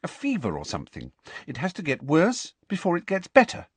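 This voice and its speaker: Man doing a bossy teen schoolgirl, sharp and insistent, higher voice, husky edge. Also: wildly swooping pitch, no room sound, exaggerated voice. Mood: concerned. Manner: sharp, insistent and quick to snap. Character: clever, bossy teenage schoolgirl.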